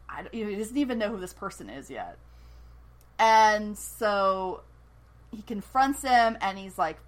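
Woman, podcast co-host, animated storyteller who acts out the lines and laughs easily. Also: medium pitch, normal speed, rough recording. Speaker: podcast co-host recapping a TV episode. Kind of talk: casual chat.

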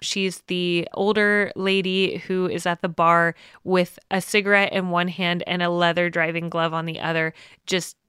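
Female co-host, casual chat. Smooth, dry recording. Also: fairly low pitch, flat delivery, normal speed, a bit bright, no room sound. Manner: chatty, laughs often, acts out quotes. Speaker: podcast co-host. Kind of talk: casual film discussion.

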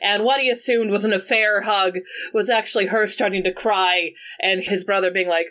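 A woman co-hosting a casual podcast, recapping a holiday movie plot in a lively storytelling way. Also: mid-range voice, moderate pace. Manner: animated storytelling, acting out quoted lines. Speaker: podcast co-host.

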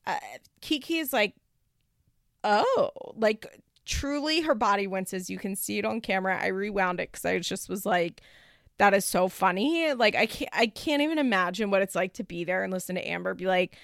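A woman's voice: medium pitch, lively intonation, moderate pace, vocal fry, no echo, clean studio sound. A young woman casually recapping a reality show with lots of "like" and swearing, and she acts out the quotes. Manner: rambling and profane, heavy use of "like", acts out quotes.

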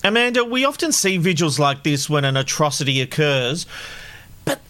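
A man's voice: on the high side, very animated, normal speed, bright, forceful tone. A man co-hosting a true crime podcast, joking with his co-host and presenting news items.

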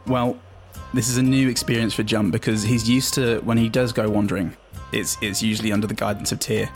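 A man playing a character in a tabletop role-play, relaxed and chatty. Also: on the low side, brisk, faint music behind. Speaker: player.

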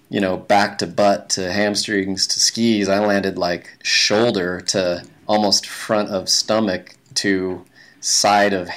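A man's voice: lowish voice, a bit bright. A man telling a long story in a casual interview, rambling with plenty of fillers and restarts. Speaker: guest, big-mountain skier.

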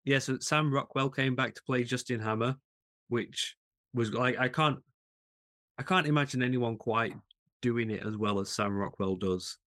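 A man's voice: medium pitch, moderate pace, a bit bright. A man chatting casually as a podcast co-host. He talks with eager enthusiasm, often restarting his sentences. He laughs easily as he goes. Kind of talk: casual chat.

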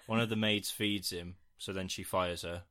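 A man's voice: low-pitched, fairly even intonation, normal speed, fairly bright tone. A man co-hosting a podcast, casually recapping a film in a rambling way. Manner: rambling, retells scenes with quoted bits. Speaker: podcast co-host.

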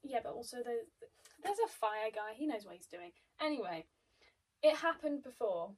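Woman, casual chat, teasing and chatty, fairly high voice, distant mic, faint background hiss. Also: animated, slightly rough. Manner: teasing, chatty, quick asides. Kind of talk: casual chat reading reviews aloud.

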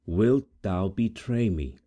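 A man's voice: fairly low pitch, expressive, slow pace, warm tone, pitched above the performer's own voice. A man voicing a proud, stately young woman who speaks haughtily in an audiobook reading. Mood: haughty, cold.

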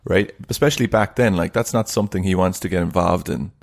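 A man's voice: sits low, fast, vocal fry. A man co-hosting a podcast, chatting casually, teasing and skeptical. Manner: skeptical, teasing, laughs often. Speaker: podcast co-host. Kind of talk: casual chat.

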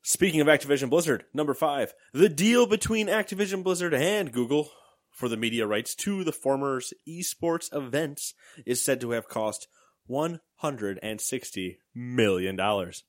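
A man's voice: mid-range voice, lively intonation, normal speed, no echo, studio quality. A young man co-hosting a casual gaming podcast, joking and rambling with sarcastic asides, hiccuping now and then. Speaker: podcast co-host. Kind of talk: casual chat.

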